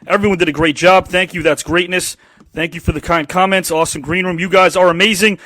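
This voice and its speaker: A hyped male podcast host with a high, bright voice, rattling off his show opening at speed. He keeps pushing with rhetorical questions, recorded close and dry. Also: steady tone, quick pace, no echo.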